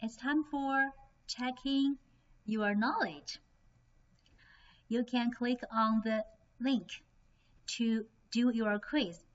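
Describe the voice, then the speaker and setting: Very slow woman teacher. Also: a little high. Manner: slow, careful, demonstrating tones. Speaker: Chinese language teacher. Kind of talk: online language lesson. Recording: slightly dull lo-fi recording.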